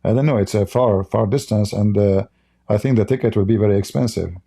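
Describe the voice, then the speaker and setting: A man's voice: lowish voice, brisk, vocal fry, mellow, breathy edge. A man hosting a live stream and speaking English as a second language, giving blunt, mocking commentary and reading out viewer chat. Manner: heated, blunt, mocking, with broken non-native English.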